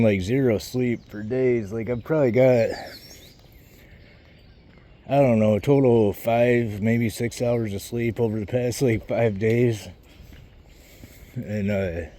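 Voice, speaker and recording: A man's voice: medium pitch, darkish tone. Rambling, out-of-breath man on a walk. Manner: rambling, swears a lot, loses his train of thought. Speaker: vlogger. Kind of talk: rambling casual vlog while walking outdoors. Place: outdoors on a walk, birds around.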